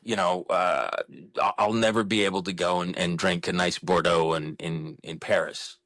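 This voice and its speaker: A man's voice: low voice, fairly even intonation, moderate pace, fairly bright tone, no room sound. A man in his fifties, a podcast guest, speaking frankly and with self-deprecation in a candid interview conversation. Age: 50s.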